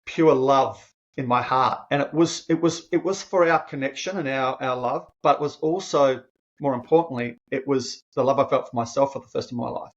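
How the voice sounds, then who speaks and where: A man's voice: medium pitch, moderate pace, dull audio. A man, a podcast guest telling a personal story in an earnest, emotional way and often restarting his phrases. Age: 50s. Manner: earnest, emotional, restarts phrases, animated when quoting himself.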